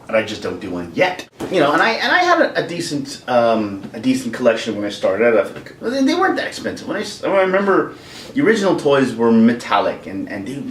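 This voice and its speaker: A man's voice: medium pitch, fairly quick, a little hiss or hum. A man from Canada telling a comic, rambling childhood story on his vlog. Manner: animated, rambling, jokey. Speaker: vlogger. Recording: roomy echo, distant mic.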